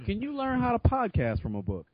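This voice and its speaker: A man co-hosting a podcast, talking loudly and profanely about a movie and laughing often. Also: very high voice, a little fast, no echo, dull audio. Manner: loud, profane, laughs a lot, animated storytelling. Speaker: podcast co-host. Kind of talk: casual movie review chat.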